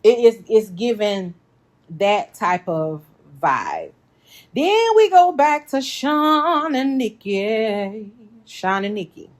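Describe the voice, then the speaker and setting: A woman recaps a show for her viewers in an easy conversational way, lively and quick to laugh. She talks to them directly, as if catching up with friends. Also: medium pitch. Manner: animated, laughs often, addresses viewers as y'all. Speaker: reality TV recap host. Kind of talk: casual reaction commentary.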